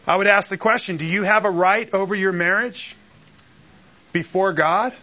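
Bright high-voiced man preaching. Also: moderate pace, muffled recording. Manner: earnest, emphatic preaching with asides to the congregation. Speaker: pastor. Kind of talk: sermon.

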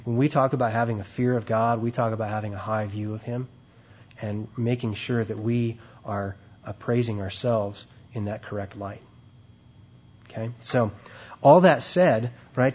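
A man preaches a sermon in a medium-pitched, somewhat mellow, husky voice, captured in a muffled recording. He reads scripture aloud and explains it conversationally, often tossing in asides like "right?" and "okay?"

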